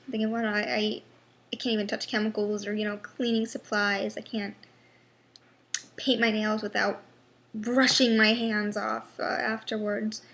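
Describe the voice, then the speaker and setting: A young woman in a personal vlog, talking haltingly with many pauses and restarts, sounding frustrated and worn down. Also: mid-range voice, a bit bright. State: unwell. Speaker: vlogger.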